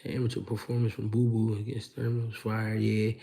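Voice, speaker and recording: A man's voice: on the low side, completely flat delivery, brisk, gravelly, warm tone. A man hosting a casual livestream, answering chat questions and telling street stories in a slangy, laid-back way. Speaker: host.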